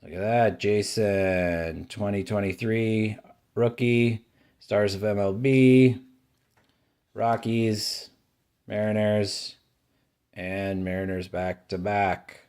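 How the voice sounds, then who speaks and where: A man casually commenting while he opens trading card packs, calmly listing each card and giving dry opinions. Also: clean tone. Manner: unhurried, listing cards one by one, dry opinions; brightens and rises in pitch over favorite-team pulls. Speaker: card-collecting channel host. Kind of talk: casual pack-opening commentary.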